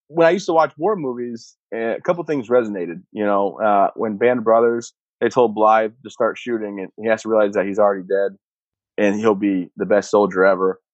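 A man in his thirties, a combat veteran, telling his own story in a steady, matter-of-fact way. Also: fairly low pitch, moderate pace, dry recording. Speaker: interview guest, combat veteran. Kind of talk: personal storytelling. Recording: dull muffled sound, dry.

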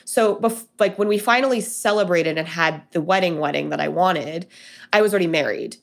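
Guest spot: young woman from Denver, casual storyteller, slightly low voice, full of fillers. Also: fairly quick, vocal fry. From Denver, USA. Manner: chatty, many fillers and quoted dialogue. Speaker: guest telling her story.

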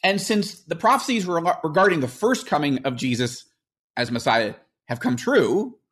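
A man's voice: a little high, big pitch swings, normal speed, a bit bright, breathy edge. A man hosting a podcast, explaining earnestly in casual talk, with fillers and restarts. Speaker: podcast host.

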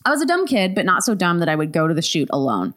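A woman podcast host reading a listener's story aloud, animated, laughing often with quick asides. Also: on the low side.

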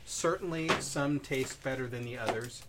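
A man's voice: mid-range voice, moderate pace, heavy background noise. A man co-hosting a casual chat show, explaining things in a rambling, easygoing way. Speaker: co-host.

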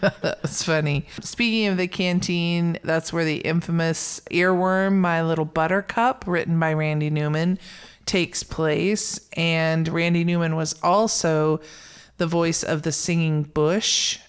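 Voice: medium pitch, measured pace, clean tone. A podcast co-host chatting about a film, telling anecdotes and acting out quoted lines. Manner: animated storyteller, acts out quoted lines. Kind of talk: casual film discussion.

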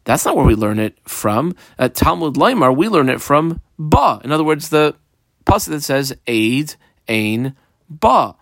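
A man's voice: a little high, sing-song, unhurried, fairly bright tone, dry recording. A man teaching a study lesson, reading each line of the text aloud and then explaining it step by step. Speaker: Talmud teacher.

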